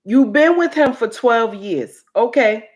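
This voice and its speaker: Slow, preachy woman on a livestream. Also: on the high side, animated. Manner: preachy, repeats lines for emphasis. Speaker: livestream host. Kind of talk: casual commentary livestream.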